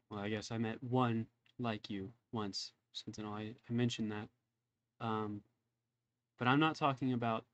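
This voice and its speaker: A man voicing a secretive male researcher who talks in a hushed, halting near-whisper, recorded on a dull, dry mic. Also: mid-range voice, no room sound, natural voice. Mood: wistful.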